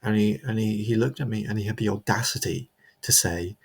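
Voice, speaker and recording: A man's voice: fairly low pitch, a little fast, vocal fry, slightly rough. A man delivering a comedic character monologue, rambling and stammering, repeating himself as he justifies himself.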